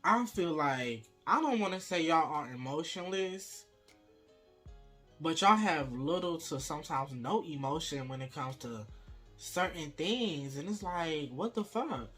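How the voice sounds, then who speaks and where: A young man hosting a casual mukbang vlog, talking straight to his viewers in a sassy, profane, expressive way. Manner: sassy, profane, expressive with wide pitch swings. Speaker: vlogger host. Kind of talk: casual mukbang chat to camera.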